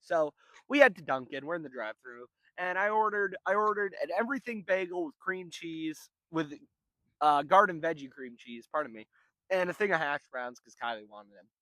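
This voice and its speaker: A man's voice: on the high side, lively intonation, normal speed, bright, forceful tone, no echo. A young man telling a rambling, profane story in a casual vlog. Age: young adult. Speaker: vlogger.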